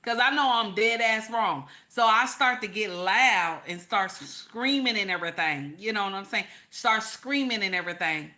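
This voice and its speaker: A woman's voice: mid-range voice, moderate pace, hardly any pauses, bright, forceful tone. A middle-aged woman hosting a reaction video, talking emphatically and directly to her viewers in a preachy, casual way.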